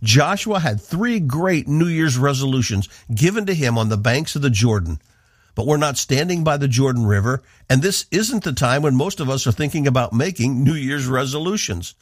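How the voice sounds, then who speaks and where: A man's voice: mid-range voice, expressive, normal speed, dry recording. A man from the northeastern United States, a radio Bible teacher giving an earnest, emphatic devotional talk into a studio microphone.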